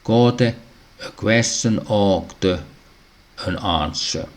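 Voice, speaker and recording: Slow, deep-voiced man reading a lesson. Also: slight background noise. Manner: halting, frequent throat clearing. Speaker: language teacher.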